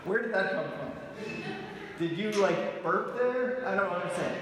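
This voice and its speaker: High-voiced pastor in an echoey hall. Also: male voice, animated, unhurried, crowd noise. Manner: joking, storytelling, asks the congregation questions. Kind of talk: conversational sermon. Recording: echoey church hall with long reverb.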